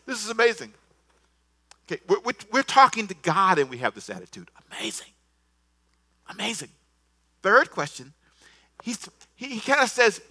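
A man preaching a sermon, swinging from soft asides to loud bursts and acting out the scripture dialogue. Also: sits high, big pitch swings, moderate pace, long pauses. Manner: repeats words, acts out scripture dialogue. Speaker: pastor.

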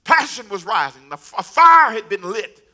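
A man preaching a sermon as a pastor, telling a story with animated repetition and acted-out dialogue. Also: sits high, moderate pace.

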